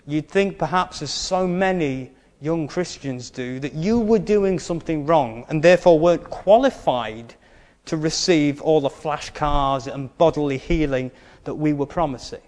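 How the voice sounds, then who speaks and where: A man's voice: a little high, unhurried, a little mellow, big-room sound. A male preacher giving a sermon in an earnest way, stressing his key points and adding wry asides.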